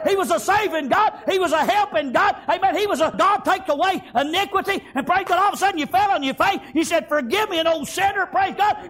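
High-pitched fervent shouting preacher. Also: male voice. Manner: fervent, shouting with frequent "amen" and "praise God". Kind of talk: revival sermon.

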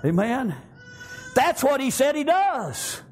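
A middle-aged man preaching a sermon, shouting in bursts, with folksy grammar and frequent amens. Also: very high-pitched, very animated, slow, breathy edge.

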